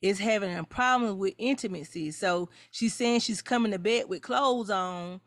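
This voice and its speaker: Woman on a podcast keeping her loud cohost in line, middle pitch, dry close sound. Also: moderate pace, dry recording. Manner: reins in and scolds her co-host, mock-indignant. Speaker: podcast co-host. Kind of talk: casual podcast banter.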